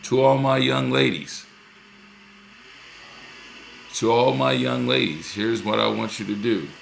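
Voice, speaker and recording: A man's voice: mid-range voice, fairly even intonation, moderate pace, vocal fry, slight background noise. A male teacher recording a lesson video for his class, upbeat and encouraging, often repeating himself.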